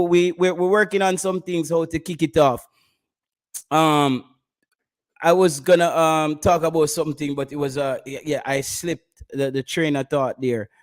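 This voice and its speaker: A man with a Jamaican accent and a slightly high voice hosts a casual football live stream, bantering with his chat and laughing often.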